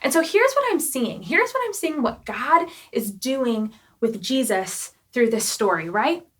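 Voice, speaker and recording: A woman's voice: a little high, measured pace. Chatty young woman giving a youth sermon. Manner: chatty, animated, lots of "like" and "right?". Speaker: youth pastor.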